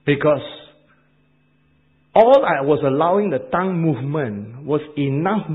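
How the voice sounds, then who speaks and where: Asian-accented preacher, muffled old tape. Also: male voice, a little high, measured pace. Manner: animated, repeats words, laughs at own jokes. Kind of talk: sermon.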